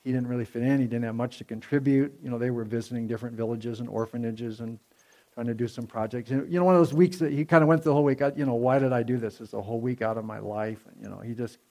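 Male preacher, gravelly tone, chatty storytelling sermon with lots of "you know" fillers. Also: medium pitch, flat delivery, quick pace, warm tone. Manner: conversational, many fillers and restarts, rising in intensity. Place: church before a congregation.

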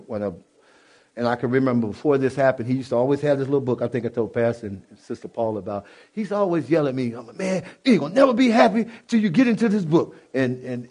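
A middle-aged man from Illinois telling his personal testimony to an audience, animated, swinging from loud bursts to low, quiet asides, with many restarts. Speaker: speaker giving a personal testimony. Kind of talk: spoken testimony to a live audience.

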